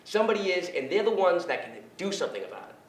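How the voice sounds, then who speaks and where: A man giving an animated, blunt recovery talk in a lecture room, joking and swearing as he goes. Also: high voice, racing. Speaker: guest speaker on addiction recovery. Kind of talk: informal public talk. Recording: echoey room, distant mic, faint noise.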